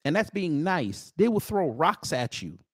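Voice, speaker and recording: Animated male host, slangy and scolding, lively pitch, dry close sound. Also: unhurried, no echo. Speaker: commentary channel host. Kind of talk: heated reaction commentary.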